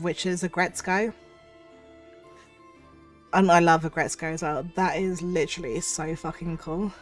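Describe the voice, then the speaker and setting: A woman streamer with a cold chats casually and effusively to her viewers. Her voice is husky from the cold. Faint music plays in the background. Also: fairly low pitch. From United Kingdom. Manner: chatty and effusive, thanks viewers warmly. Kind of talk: casual livestream chat.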